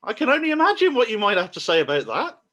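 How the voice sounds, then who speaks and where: A man's voice: high voice, huge pitch swings, fast talker, pushed and bright. A man interviewing an activist guest, agreeing along and prompting her to speak. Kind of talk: casual political interview.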